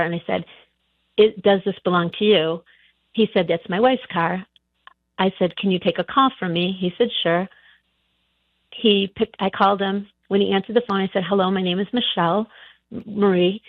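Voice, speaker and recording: A woman's voice: medium pitch, dry recording. A middle-aged woman calling in on the phone to a radio show, telling her story hesitantly with many restarts. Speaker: caller. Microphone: telephone. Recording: tinny phone line.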